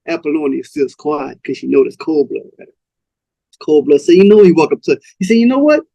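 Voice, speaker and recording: A man's voice: fairly high pitch, a little fast, gravelly, warm tone. A man hosting a podcast, telling a comic story in a loose, laughing way with stops and starts.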